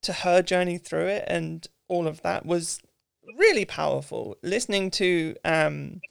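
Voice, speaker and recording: A woman hosting a podcast in casual chat, relaxed and reflective with frequent "um" and "like". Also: fairly low pitch, a little slow, gravelly, smooth, no echo, studio quality. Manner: relaxed and reflective, many "um"s and "like"s, light laughter. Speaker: podcast host.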